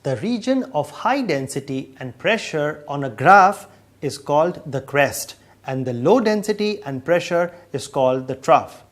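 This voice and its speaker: A man's voice: fairly high pitch, animated, unhurried. A man patiently explaining sound waves in a scripted educational dialogue. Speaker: science explainer.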